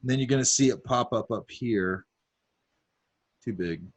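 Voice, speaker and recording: A man's voice: mid-range voice, moderate pace, breathy edge. A man teaching a drawing class, talking casually as he sketches, with lots of fillers and asides. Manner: talks while drawing, many fillers and asides. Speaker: art instructor.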